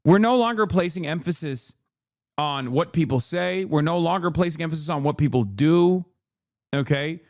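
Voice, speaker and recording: A man's voice: high-pitched, dry recording, studio quality. A man giving heated political commentary as a streamer, exasperated and swearing often.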